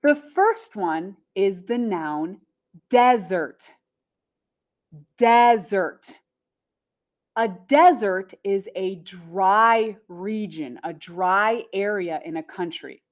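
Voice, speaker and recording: A woman teaching an English lesson, repeating words slowly and stressing syllables clearly. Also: mid-range voice, animated. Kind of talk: slow, carefully enunciated English lesson.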